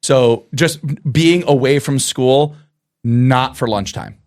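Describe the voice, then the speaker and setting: A man's voice: medium pitch, takes it slowly, darkish tone, no echo, clean studio sound. A middle-aged man, a teacher co-hosting a podcast, telling a story in casual chat and acting out the quoted lines with laughs.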